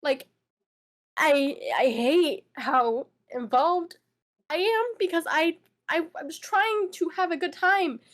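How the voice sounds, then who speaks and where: A young woman with a high voice speaks in an emotional interview, tearful and upset. She stumbles, repeats her words and keeps apologizing as she talks it through. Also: takes it slowly. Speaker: interviewee, witness.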